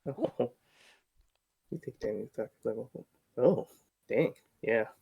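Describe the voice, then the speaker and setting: A man's voice: mid-range voice, unhurried, vocal fry, husky, no room sound, phone-quality sound. A man playing a wizard in a tabletop game over a voice call, thinking aloud as he picks his moves. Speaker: player.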